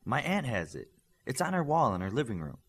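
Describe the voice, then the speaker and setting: A man's voice: mid-range voice, big pitch swings, a little fast, husky. A man voicing a proud, stern female teacher with a Scottish accent, dry and pointed in how she speaks. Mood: stern teacherly.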